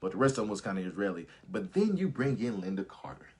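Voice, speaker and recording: A man's voice: lowish voice, fast, breathy edge. A man hosting a casual live stream, talking animatedly with lots of swearing and laughter, and reading viewer comments aloud. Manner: animated, profane, laughs often. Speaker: host of a live movie review stream.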